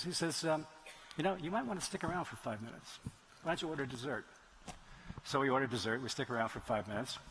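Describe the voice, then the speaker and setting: A middle-aged man tells stories on stage, mid-pitched and conversational, restarting phrases as he wanders into digressions. The live recording carries a faint hiss under his voice. He sounds like an author answering questions at a conference. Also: a bit bright, low-quality recording. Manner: rambling storyteller, frequent restarts and digressions. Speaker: author speaking at a writers' conference. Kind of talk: anecdotal Q&A talk. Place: stage in a large venue.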